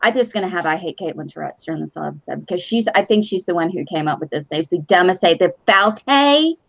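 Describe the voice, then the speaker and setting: A woman's voice: lowish voice, expressive, fast talker, gravelly. Profane sarcastic woman on a lo-fi stream. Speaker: host. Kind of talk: casual fan show chat. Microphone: streaming mic. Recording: lo-fi online stream audio.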